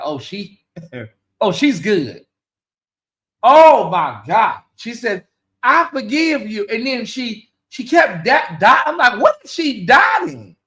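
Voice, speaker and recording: A woman hosting her own commentary channel, talking to viewers in an animated, emphatic and sarcastic way. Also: fairly high pitch.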